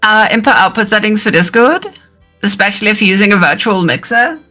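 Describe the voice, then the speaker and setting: A woman streamer chatting casually, halting and repeating words, laughing often. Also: medium pitch, pushed and bright, faint music behind. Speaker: streamer and collab guest.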